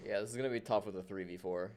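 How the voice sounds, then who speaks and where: A man's voice: fairly low pitch, racing, a little mellow, clear, resonant tone. A man casually co-casting an esports match on stream, joking with chat and calling plays. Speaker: co-stream caster. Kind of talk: casual game commentary.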